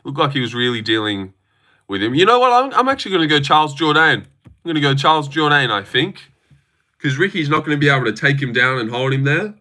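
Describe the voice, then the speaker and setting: A man's voice: medium pitch, expressive, quick pace, sharp tone. A young man on a live stream, reading and answering chat with sarcastic, argumentative, swear-filled talk.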